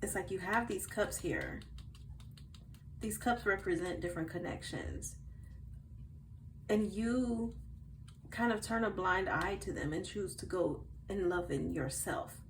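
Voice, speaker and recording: Woman doing a tarot reading for her channel, chatty, goes soft then loud, faint hiss behind. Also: mid-range voice, unhurried, pauses often, low-quality recording. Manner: chatty, bursts into giggles, shifts from soft murmurs to loud outbursts. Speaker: tarot reader. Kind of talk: casual tarot reading chat.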